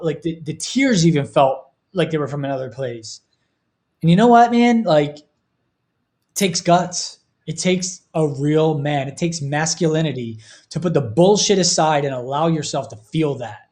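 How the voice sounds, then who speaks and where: A man in his thirties talks on a podcast in an earnest, emotional way. His voice sits slightly high for a man, and he speaks with open feeling about his own life. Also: darkish tone. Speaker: podcast host. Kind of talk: casual podcast chat.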